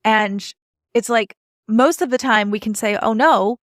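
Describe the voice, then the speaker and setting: A woman's voice: a little high, fairly even intonation, measured pace, a bit bright, no room sound, clean studio sound. A woman hosting a podcast, chatting casually and often restarting her questions mid-sentence. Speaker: podcast host. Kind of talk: casual interview chat.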